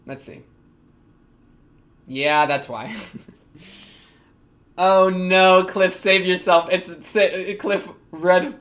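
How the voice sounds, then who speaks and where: A young man, reacting to an anime episode in casual commentary, excitable, laughing often and talking back to the characters. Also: sits high, drawn-out words, long pauses.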